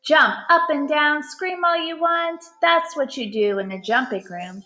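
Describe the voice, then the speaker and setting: A woman's voice: mid-range voice, animated, moderate pace, bright, forceful tone. A woman voicing an eager young boy who leads a tour of his inventions like a showman. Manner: showman-like announcing. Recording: roomy echo.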